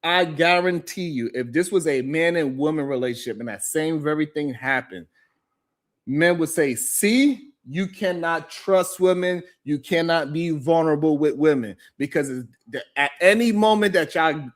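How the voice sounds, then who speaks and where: A man hosting a live talk show, ranting in animated, profane commentary and repeating himself for emphasis. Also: on the high side, moderate pace. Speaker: host.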